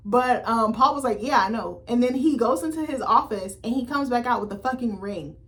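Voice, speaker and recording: A young adult woman chatting casually on her vlog, animated and slangy, swearing freely and rambling off on tangents. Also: fairly high pitch, a little fast. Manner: rambling, self-interrupting. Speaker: YouTuber reviewing a TV series. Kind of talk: casual chat.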